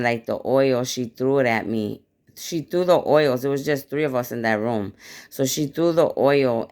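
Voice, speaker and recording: A woman casually recounting a dream to viewers with blunt, profane, animated storytelling; her mouth is dry. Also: rumbling low, gravelly. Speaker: spiritual vlogger.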